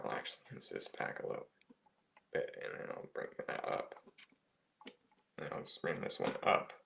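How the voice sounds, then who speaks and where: A man casually reviewing a toy, talking softly with mumbled, half-whispered asides. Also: sits low, vocal fry, noisy background.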